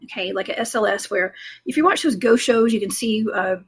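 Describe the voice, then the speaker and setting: Husky woman guest, casual rambling storyteller, restarts a lot. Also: medium pitch, a little fast. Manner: rambling, many fillers and restarts. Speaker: guest, cryptid investigator.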